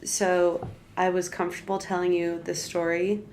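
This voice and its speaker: A woman's voice: on the low side, level tone, normal speed, a little mellow, a little hiss or hum. A woman of twenty-four in casual podcast chat, candid and talkative with lots of fillers. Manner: candid, chatty, filler-heavy. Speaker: podcast guest.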